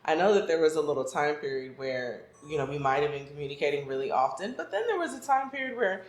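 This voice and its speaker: Low-voiced woman interviewer, echoey room. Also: sing-song, fast. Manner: affirming, frequent backchannels. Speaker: interviewer and microblading trainer. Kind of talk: casual interview chat.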